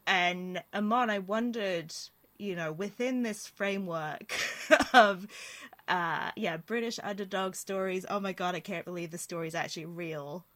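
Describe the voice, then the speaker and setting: A woman's voice: on the low side, unhurried, a bit bright. A woman hosting a casual film review chat, laughing often and swearing casually. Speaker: podcast host.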